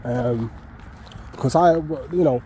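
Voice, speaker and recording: Strolling through a park, a Mancunian man from North West England vlogs for his viewers in a relaxed, joking manner, cursing freely. He talks slowly in a dark, mid-range voice, and the audio is poor.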